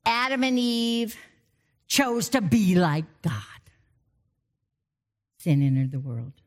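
A woman preaching a sermon, emotional, swinging from loud exhortation to soft, intimate passages. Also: mid-range voice, big pitch swings, slow.

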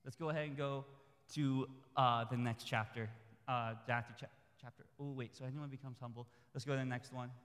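A man preaching a sermon in a conversational, humorous way that builds to loud, high peaks. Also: fairly even intonation, brisk, in a large hall.

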